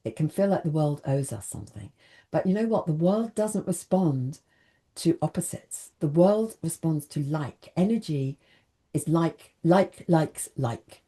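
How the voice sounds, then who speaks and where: A woman's voice: sits low, lively intonation, a little slow, mellow. A woman giving an earnest motivational talk, speaking directly to the viewer and often asking them questions. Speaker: self-help speaker.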